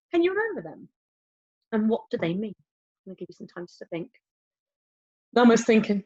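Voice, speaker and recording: Speaking a little fast in a mid-range voice, this woman teaches young kids music online as a primary school teacher. She keeps things animated and sing-song, tossing in whoops and whispers for fun, all captured in dull, lo-fi home video sound.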